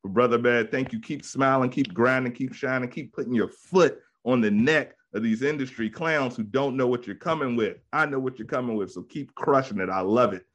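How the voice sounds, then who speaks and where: A man's voice: mid-range voice, fairly quick, few pauses, fairly bright tone, muffled recording. A man hosting a podcast in casual chat, hyping his guest in slangy, upbeat talk. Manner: hyped, slangy hype-man delivery. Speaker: podcast host.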